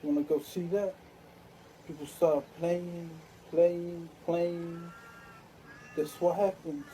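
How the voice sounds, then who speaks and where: A man's voice: on the high side, dark tone, slight background noise, rough recording. Man rambling in loose musings. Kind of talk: rambling monologue to camera.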